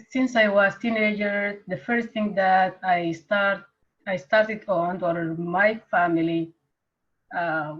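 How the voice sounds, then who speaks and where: A woman from Sudan with a Sudanese accent, introducing herself earnestly on a video call, with frequent uhs. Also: mid-range voice. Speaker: team member on a group call. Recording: dull lo-fi call audio.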